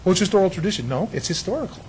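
A man preaching a sermon in a lively storytelling way, dropping to hushed tones and rising to loud bursts. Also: high voice, rapid-fire, a little hiss or hum, rough recording. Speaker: pastor.

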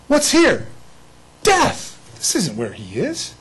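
Husky guy preaching, kinda high voice, gets really animated. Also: takes it slowly, poor audio. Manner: animated, acts out bible figures. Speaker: pastor. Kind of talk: Easter sermon.

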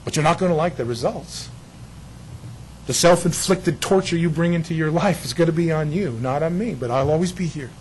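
A man preaching a sermon in a lively storytelling way, dropping to hushed tones and rising to loud bursts. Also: a little high, moderate pace, a little hiss or hum, low-quality recording. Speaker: pastor.

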